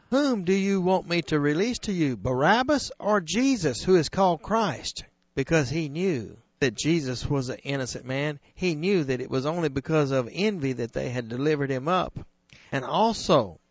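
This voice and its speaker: Male preacher, slightly high voice, emphatic scripture retelling, dry dull lo-fi sound. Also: slightly rough, no room sound. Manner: earnest, emphatic, slows on key phrases.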